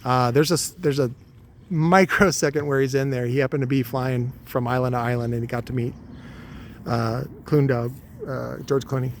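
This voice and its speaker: A man's voice: mid-range voice, fairly even intonation, normal speed, slight background noise. A man telling a rambling, crude vlog monologue to his viewers with many fillers. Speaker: vlogger.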